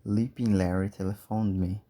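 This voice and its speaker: A man's voice: fairly low pitch, steady tone, moderate pace, warm tone, close to an everyday voice. A man doing a curt property agent. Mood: dismissive.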